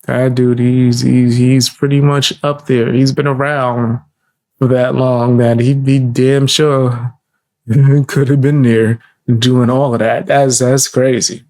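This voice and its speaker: Slow, laid-back male commentator. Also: mid-range voice, flat delivery, darkish tone. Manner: laid-back, laughs often, street slang. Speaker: reaction commentator. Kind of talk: casual reaction commentary.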